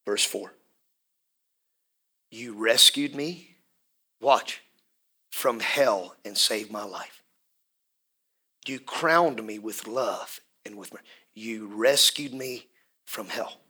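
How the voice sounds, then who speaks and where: A man preaching a sermon as pastor, swinging from hushed near-whispers to shouted refrains and urging the congregation to respond. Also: fairly low pitch, slow, pauses often, breathy edge.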